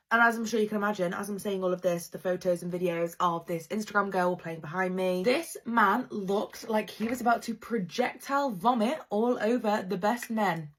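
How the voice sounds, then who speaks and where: A woman's voice: medium pitch, a little fast, hardly any pauses, husky. Chatty young woman telling a story. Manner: dramatic, chatty, addresses viewers directly. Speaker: storytime creator. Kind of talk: storytime narration.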